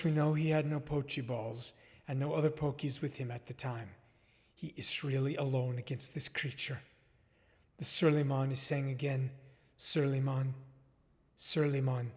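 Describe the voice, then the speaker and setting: An actor playing a solemn, formal male documentary filmmaker questioning a guest in a deliberate manner, recorded with long reverb. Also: medium pitch, lightly acted. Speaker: interviewer.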